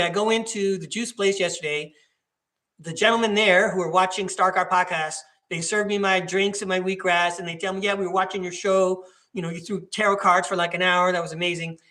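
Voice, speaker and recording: A man's voice: high-pitched, bright, forceful tone. A man hosting his own podcast, telling stories in a rambling, casual monologue full of fillers and restarts. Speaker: podcast host, former teacher.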